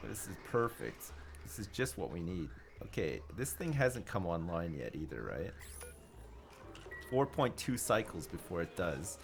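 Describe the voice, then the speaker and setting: A man's voice: sits low, very animated, a little slow, gravelly, slight background noise. A man streaming a video game live, chatting casually with his viewers and swearing freely. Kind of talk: live commentary over gameplay.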